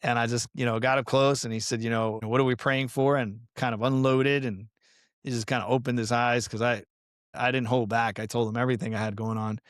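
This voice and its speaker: A middle-aged man from Colombia, a podcast guest, telling a personal story in an earnest, animated, casual way, often saying "man" and "you know.". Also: mid-range voice, fairly quick, no echo, clean studio sound. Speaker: podcast guest, pastoral counselor and fitness coach.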